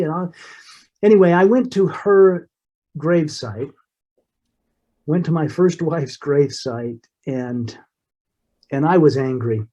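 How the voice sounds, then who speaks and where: A middle-aged man, a guest in an interview, telling a personal story in an earnest, emotional way with halting restarts. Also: on the high side, dark tone, lo-fi sound.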